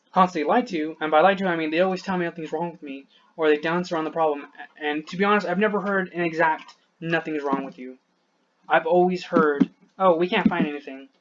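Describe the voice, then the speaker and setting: A man's voice: on the high side, fairly bright tone, dull audio. A man venting to the camera, short of breath, frustrated and rambling, swearing often and trailing off mid-sentence.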